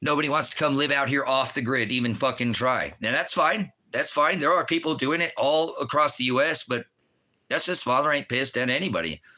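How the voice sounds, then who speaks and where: A man's voice: mid-range voice, a little fast, pushed and bright. A middle-aged man ranting angrily from his rural home, swearing heavily as he preaches online. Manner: profane, fiery, heavy swearing. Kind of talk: angry ranting monologue.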